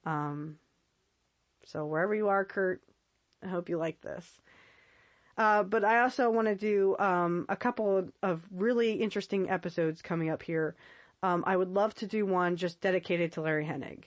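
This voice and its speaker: Alone on her podcast, a woman talks in a chatty, casual way, laughing frequently and leaning on fillers and repetition. She has a fairly low voice and a moderate pace, and the recording is dry.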